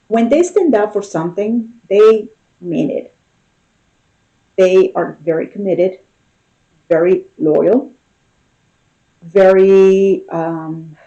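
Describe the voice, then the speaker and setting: A woman with a warm, mellow voice gives a casual tarot reading. She talks loosely and keeps checking in with her listener. The audio is slightly dull and lo-fi. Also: lowish voice. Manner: conversational, often checks in with "okay?" and "you know?". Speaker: tarot reader.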